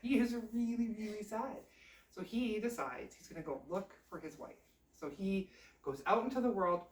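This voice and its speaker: A woman telling a folk tale in a chatty, animated, casual way. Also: mid-range voice, normal speed. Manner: chatty, animated, laughs often. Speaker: storyteller. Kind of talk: casual oral storytelling. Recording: roomy, distant mic.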